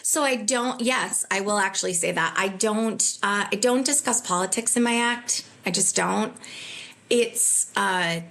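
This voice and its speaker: A woman's voice: medium pitch, measured pace, vocal fry, a bit bright. A woman comedian being interviewed, telling candid stories in an earnest, self-deprecating way. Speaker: comedian guest. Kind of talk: conversational interview.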